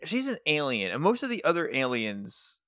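A man's voice: fairly high pitch, huge pitch swings, moderate pace, a bit bright, no echo, studio quality. A young man co-hosting a podcast, trading jokey asides and laughing often in casual chat. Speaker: podcast co-host.

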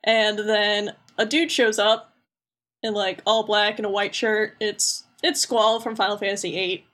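A woman's voice: medium pitch, little pitch movement, measured pace, fairly bright tone. A woman co-hosting a podcast, casually recapping a video game in a rambling, joking and blunt way, full of fillers. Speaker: podcast co-host.

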